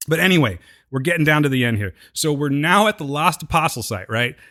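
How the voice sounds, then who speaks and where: A man's voice: on the high side, expressive, brisk, sharp tone. A man co-hosting a podcast who casually retells TV scenes, joking as he goes. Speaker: podcast co-host. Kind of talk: casual recap chat.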